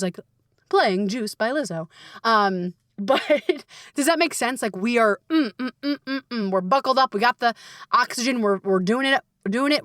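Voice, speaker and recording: A woman coach hosting a casual solo podcast, talking in a lively, playful way with frequent swearing and laughs. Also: mid-range voice, no echo, studio quality.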